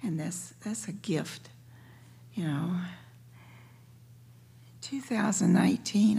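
A woman's voice: medium pitch, takes it slowly, gravelly, long pauses, mellow, husky. A woman sharing her story at a recovery meeting in a wry, joking way, sometimes dropping to a near whisper. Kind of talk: personal share at a recovery meeting. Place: meeting room.

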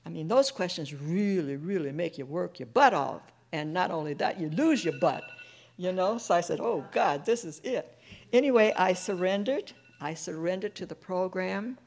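A middle-aged woman sharing her personal testimony with a recovery group, an animated storyteller who acts out the voices of the people in her story. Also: lowish voice, moderate pace. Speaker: speaker sharing at a recovery meeting.

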